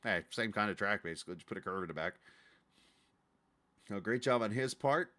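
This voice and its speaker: Lower-voiced chatty race-broadcast host. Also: male voice, lively intonation, pushed and bright. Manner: chatty, halting, jokey. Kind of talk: sim racing broadcast commentary.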